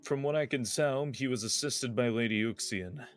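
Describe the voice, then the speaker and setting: A man's voice: mid-range voice, moderate pace, faint music behind, lightly acted. A player voicing his character, a formal and composed young male scholar of noble birth, in a tabletop game.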